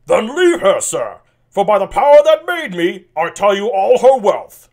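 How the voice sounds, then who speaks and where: A wrathful old king, read aloud by a man at a stately, dragging pace, his voice pitched a little high. He swells from measured speech into loud, bitter outbursts, like a dramatic reading of a classic play. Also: sing-song, heavily acted. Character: aged wrathful king disowning his daughter.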